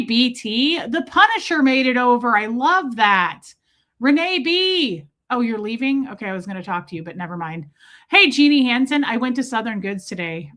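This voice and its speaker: Woman host, casual livestream chat, fairly high voice, quick greetings to viewers, slightly breathless. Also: fairly bright tone. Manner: chatty, greets viewers by name in quick bursts. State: warm and a bit breathless. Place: small room with door shut.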